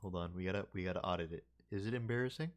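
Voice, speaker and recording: A man's voice: low-pitched, racing, noisy background. A man streaming and chatting casually with his viewers, rambling and thinking aloud with lots of fillers and restarts. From United States.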